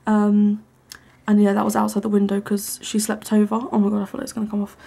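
A young woman giving a casual, rambling tour of her small bedroom, full of ums and likes, sometimes hushed. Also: mid-range voice, completely flat delivery, fast, vocal fry, husky. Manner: hushed at times so as not to wake her brother. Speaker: vlogger. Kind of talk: casual room tour vlog.

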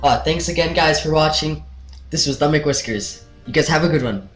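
A man hosting a let's play, reacting with excitable outbursts and plenty of fillers while he orders his crew around. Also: a little high, moderate pace, soft background music. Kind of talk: casual gameplay commentary.

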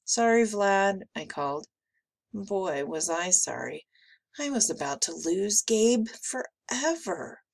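A woman teacher reading a picture book aloud with slow, expressive delivery. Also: lowish voice, vocal fry, husky.

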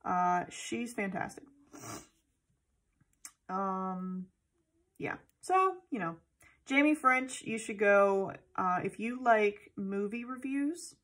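A woman's voice: mid-range voice, slow, pauses often, fairly bright tone. A woman vlogger in casual chat, gushing and rambling with many fillers and tangents. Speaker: planner vlogger.

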